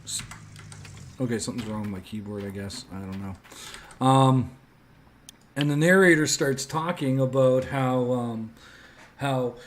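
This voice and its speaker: A man's voice: mid-range voice, unhurried, long pauses, a little hiss or hum. A man rambling through casual gameplay commentary, with lots of filler words as he tells stories. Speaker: gaming streamer.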